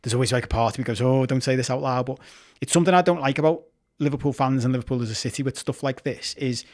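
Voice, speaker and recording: A man co-hosts a football podcast, chatting casually but with heated passion, swearing freely and restarting his sentences. His voice is medium in pitch and he talks quickly.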